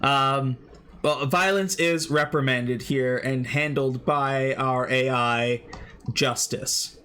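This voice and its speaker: A man's voice: medium pitch, fairly even intonation, slow, sharp tone, clear, resonant tone, voice pushed down. A man voicing a polite male mech cook who stammers and speaks formally.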